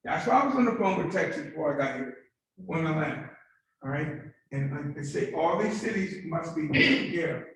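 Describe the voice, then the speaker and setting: A man's voice: a little high, lively intonation, moderate pace, fairly bright tone. A male pastor preaching a call-and-response sermon, coaxing the congregation to repeat his words after him. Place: church sanctuary. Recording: very echoey church hall from far off.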